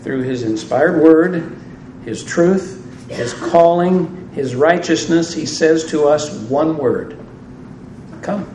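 A man's voice: fairly high pitch, slow, a little mellow, a little hiss or hum. A man preaching a sermon, conversational with dry humor. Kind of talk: sermon on scripture. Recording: roomy echo, distant mic, faint ambience.

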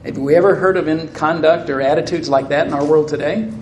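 A man preaching a sermon, speaking deliberately and posing rhetorical questions to his listeners, in a church hall. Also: on the high side, steady tone, a little hiss or hum. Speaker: pastor. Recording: roomy echo.

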